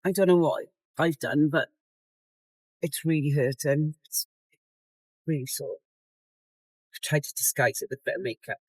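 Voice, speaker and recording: A middle-aged woman chats casually to her phone camera, rambling and open, sometimes dropping soft and tired. Her voice sits close and dry, with no room sound around it. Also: deep voice, moderate pace, pauses often, no room sound, poor audio. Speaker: competitor vlogging her contest prep. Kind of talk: casual vlog chat. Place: in a car.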